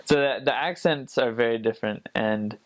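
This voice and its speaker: A man's voice: mid-range voice, normal speed, poor audio. An American man explaining at length in a casual way, often stopping and restarting phrases, heard from a video played back. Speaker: commenter in the reacted video.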